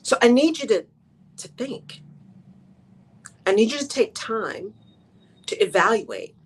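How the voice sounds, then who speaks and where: A woman's voice: a little high, very animated, normal speed, breathy edge. A woman hosting a talk radio show, speaking in an emphatic monologue that repeats its key phrases and keeps checking in with "right?".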